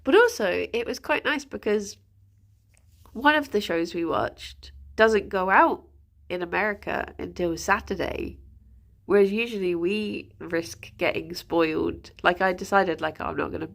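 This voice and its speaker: A woman's voice: mid-range voice, a little slow, vocal fry. A woman streaming, chatting casually and laughing often between fillers. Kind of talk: casual chat.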